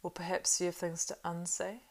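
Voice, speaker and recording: A calm, wise old wizard , as a woman reader puts him on, low and gravelly, quiet and wry. Spoken as part of a storybook reading. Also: moderate pace. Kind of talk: audiobook reading.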